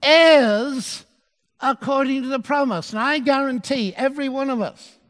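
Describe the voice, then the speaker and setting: Male preacher, high voice, measured delivery, lingers on key words, big echoing hall. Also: a bit bright. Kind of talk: sermon.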